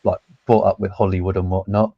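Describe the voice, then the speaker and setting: A man's voice: low-pitched, flat delivery, fairly quick, slightly rough, dry recording. A man chatting on a group live call, repeating words as he gets going. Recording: muffled call audio.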